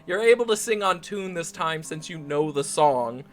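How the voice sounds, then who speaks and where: A man's voice: a little high, animated, normal speed. A man running a tabletop game, with a slightly raised voice that tumbles through restarts and fillers. Faint music plays under his narration. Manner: rambling, laughing, many ums and restarts. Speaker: game master.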